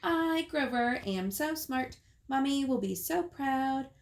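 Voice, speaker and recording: A woman's voice: sits high, animated, takes it slowly, gravelly, voice pushed up, exaggerated voice. A woman doing Grover, a small eager monster. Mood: proud. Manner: childlike, formal and self-announcing. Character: small eager boy monster, proud and sweet. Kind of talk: storybook read-aloud.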